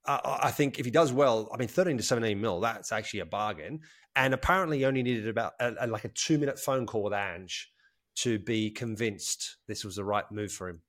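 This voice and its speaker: A man hosting a casual football podcast, briskly moving topics along and putting questions to his guests. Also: on the low side. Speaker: podcast host.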